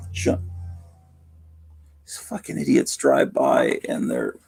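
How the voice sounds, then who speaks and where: Hoarse man in his fifties, rambling livestream host, very gravelly, dark and husky tone. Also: medium pitch. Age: 50s. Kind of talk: casual late-night livestream chat. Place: home at night.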